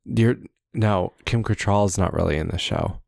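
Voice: low voice, moderate pace, gravelly, a little mellow, dry recording, clean studio sound. A podcast co-host in casual chat, joking and teasing.

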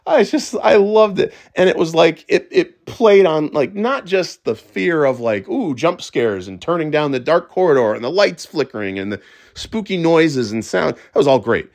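A middle-aged man talking casually as a podcast host, excitable and stumbling over restarts, swearing freely. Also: fairly high pitch, moderate pace. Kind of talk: casual monologue.

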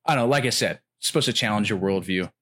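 A man's voice: on the low side, quick pace. Rambling man in casual chat. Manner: rambling, many "like" fillers, animated when quoting comedians.

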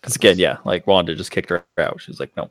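A man's voice: low voice, quick pace, a bit bright, dry recording. A man co-hosting a podcast in casual chat, laid-back with dismissive asides. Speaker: podcast co-host.

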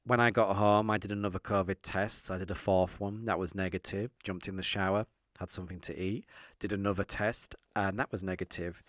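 A man's voice: low-pitched, steady tone, brisk, no echo, studio quality. A man telling a candid story in casual chat, acting out the dialogue of the people in it. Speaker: guest storyteller.

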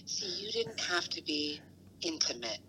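A woman's voice: low-pitched, unhurried, pushed and bright, husky. A woman on a comedic phone call, soothing but blunt. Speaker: friend on the phone.

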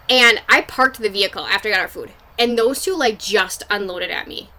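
A woman's voice: mid-range voice, a little fast, hardly any pauses, bright, forceful tone. A young adult woman hosting a podcast, telling a personal story in a candid, casual way, swearing freely and filling with "like". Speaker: podcast host.

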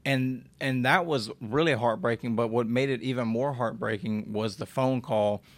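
A man's voice: mid-range voice, moderate pace, dry recording. A man in his twenties, a podcast guest, candidly recounting a hard time in blunt, emotional, casual speech with some swearing. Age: 20s. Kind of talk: candid interview storytelling.

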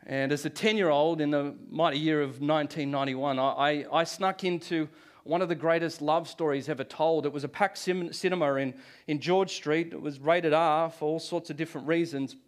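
A man's voice: fairly high pitch, steady tone, fairly quick. A man preaching a Good Friday sermon to a church congregation, telling stories with a joking touch and chuckling often. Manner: storytelling, jokey, chuckles often. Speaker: pastor.

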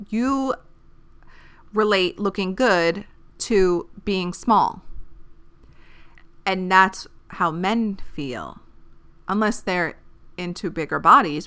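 A woman in her thirties talks through dating advice on her podcast, blunt and quick to swear. Her voice is bright and smooth, and she sounds fired up and opinionated as she rants. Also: mid-range voice. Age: 30s. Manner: blunt, profane and animated, giving dating advice. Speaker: podcast host. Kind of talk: casual podcast monologue.

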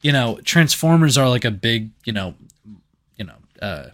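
A man co-hosting a podcast, chatting casually about a movie, animated and swearing now and then. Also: mid-range voice, moderate pace. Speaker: podcast co-host. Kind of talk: casual movie review chat.

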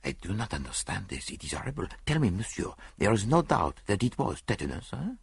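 A fussy elderly Belgian detective, complaining in neat, precise phrases, as a male narrator puts him on. The voice is husky and swings widely in pitch, recorded dry and close. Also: sing-song, measured pace, fairly bright tone, no echo, heavily acted. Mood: grave, hushed.

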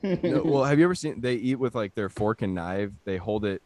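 A man's voice: fairly low pitch, lively intonation, brisk, darkish tone, a little hiss or hum. A young man telling rambling stories as co-host of a casual comedy podcast, full of fillers. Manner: rambling storyteller, many fillers.

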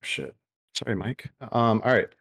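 A man's voice: on the low side, moderate pace, no echo, studio quality. A young man co-hosting a live podcast stream, swearing a lot and talking through the burn of a very hot chip. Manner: profane, pained. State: in pain from spice. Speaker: podcast co-host doing a spicy chip challenge. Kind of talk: casual live-stream banter.

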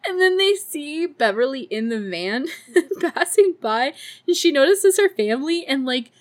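Female podcast host, slightly high voice, casual and sarcastic, frequent laughter, profane movie recap with quick character impressions. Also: sing-song. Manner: acts out characters in a high put-on voice.

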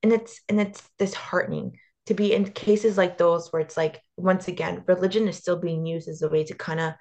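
A woman's voice: lowish voice, fairly even intonation, moderate pace, darkish tone. A young woman from the US, co-hosting a podcast in casual chat, blunt and sarcastic and swearing freely. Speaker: podcast co-host.

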